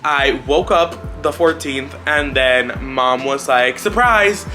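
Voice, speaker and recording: This vlogger, roughly twenty years old, speaks slowly in a bright, forceful, medium-pitched voice with fairly even intonation. He's giving a casual life update, a rambling and blunt personal story heavy on swearing and fillers, while faint music plays.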